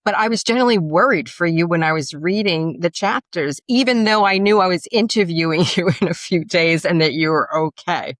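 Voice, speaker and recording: A woman with a New York accent, a podcast co-host introducing a guest's book with expressive, enthusiastic emphasis. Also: lowish voice, fairly quick, hardly any pauses, no room sound.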